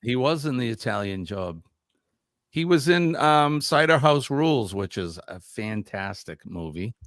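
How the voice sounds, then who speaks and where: A man's voice: medium pitch, very animated, a little slow, a bit bright, dry recording, studio quality. A man hosting a casual live stream, chatty and upbeat, reading out viewer comments during a quiz.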